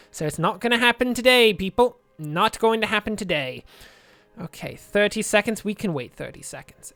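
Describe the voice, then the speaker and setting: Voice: mid-range voice, fairly bright tone, clean tone, no room sound. A let's play gamer giving chatty game commentary, thinking aloud and drifting into jokey tangents.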